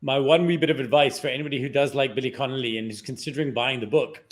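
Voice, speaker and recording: A male author interviewed on a radio show, making his points in a direct, opinionated way. His voice sits at an ordinary mid pitch, plain and conversational. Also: steady tone, quick pace. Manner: opinionated, argumentative. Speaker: author, guest. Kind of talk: casual interview chat.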